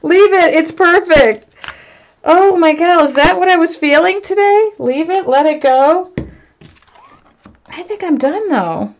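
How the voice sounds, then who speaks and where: A woman artist chatting to her live viewers as she works, excitable and self-mocking, laughing often. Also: very high-pitched, unhurried, long pauses. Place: home art studio, indoors. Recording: dull lo-fi stream audio.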